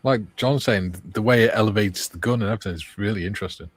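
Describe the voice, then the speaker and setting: A man's voice: lowish voice, fast, dry recording. Chatty man reading viewer comments. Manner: reads viewer comments aloud, chatty and laughing. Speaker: livestream host reading chat. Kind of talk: casual livestream chat.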